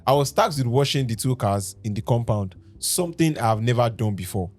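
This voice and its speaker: A man's voice: medium pitch, lively intonation, a little fast, darkish tone, soft background music. A Nigerian man hosting a podcast, reading a story aloud with dramatic delivery and breaking off to laugh and joke with his co-hosts. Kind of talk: casual podcast reading with banter.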